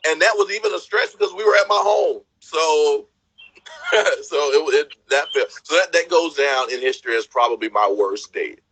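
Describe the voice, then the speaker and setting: A man's voice: on the high side, animated, moderate pace, vocal fry, a bit bright, slight background noise, low-quality recording. A man casually telling a dating story, acting out what each person said and laughing often.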